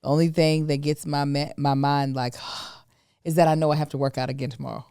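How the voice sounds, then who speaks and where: A middle-aged woman co-hosting a podcast, chatting casually with an animated, teasing manner. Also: sits low, a little fast, clear, resonant tone, dry recording, studio quality. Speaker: podcast co-host. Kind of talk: casual chat.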